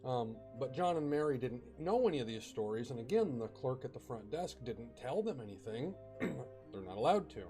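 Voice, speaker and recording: A man's voice: medium pitch, sing-song, moderate pace, dark tone, soft background music. A man casually telling a ghost story, chatty, with fillers and bursts of dramatic emphasis.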